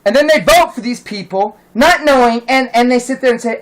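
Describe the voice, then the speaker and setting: A man's voice: extremely high pitch, a little fast, poor audio. A man delivering a heated, profane rant as a vlogger, indignant and insistent. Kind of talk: angry ranting monologue.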